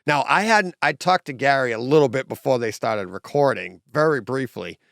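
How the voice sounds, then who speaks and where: A man's voice: mid-range voice, lively intonation, normal speed, creaky, fairly bright tone, no echo, studio quality. A man hosting a podcast in casual chat, enthusiastic, laughing often and acting out quotes. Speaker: podcast host.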